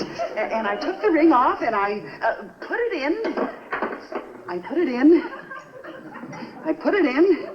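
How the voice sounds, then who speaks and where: An actress playing a scatterbrained, scheming young wife who talks in a flustered, wheedling, comic way in a 1950s sitcom. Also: female voice, high-pitched. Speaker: lead. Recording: dull noisy 1950s TV soundtrack.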